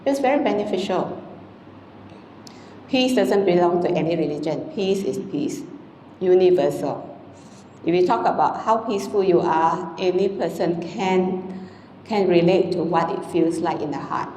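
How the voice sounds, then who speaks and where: Gentle woman in an echoey hall. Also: fairly low pitch, normal speed, slight background noise. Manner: conversational and gentle, frequent "you know" and "ah" tags. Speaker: Buddhist nun giving a dhamma talk. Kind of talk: informal dhamma talk to a congregation. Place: temple hall. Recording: echoey hall with long reverb, faint ambience.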